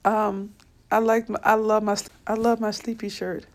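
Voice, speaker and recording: A tired woman, chatting softly and a bit weepily to viewers on a live stream from her bed at home. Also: mid-range voice, level tone, moderate pace. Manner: soft and tired, weepy, talks to viewers by name. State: tired and low on energy. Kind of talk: casual live-stream chat. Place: bedroom at home.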